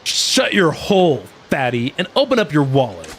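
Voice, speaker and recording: A man's voice: a little high, huge pitch swings, fairly bright tone, a little hiss or hum, pitched below the performer's own voice, full character voice. A man voicing a tough, menacing female debt collector who taunts a debtor in a video game. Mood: taunting. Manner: slow, taunting.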